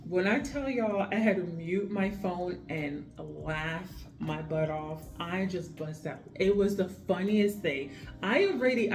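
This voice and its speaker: A woman's voice: fairly low pitch, darkish tone. A woman nurse chatting to her viewers in a casual vlog, telling stories about her patients and calling the audience y'all. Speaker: remote nurse vlogger. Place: home. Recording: echoey room with faint music.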